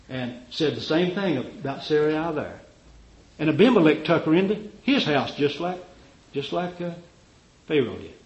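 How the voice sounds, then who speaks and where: A man preaching a fervent sermon, swinging from loud cries to low murmurs and acting out the voices of figures he quotes. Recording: echoey, dull lo-fi recording.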